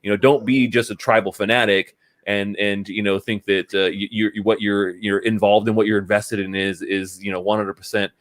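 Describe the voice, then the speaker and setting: A man talking casually about crypto communities, relaxed and rambling, with many fillers and restarts, swearing bluntly at times. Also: lowish voice, moderate pace, hardly any pauses. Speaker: NFT podcast guest. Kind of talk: casual chat.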